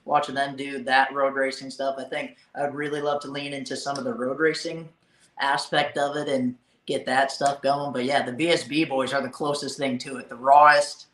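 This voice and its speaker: Man, podcast guest, easygoing and halting, echoey room. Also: mid-range voice, level tone, a bit bright, slight background noise. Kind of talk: casual chat.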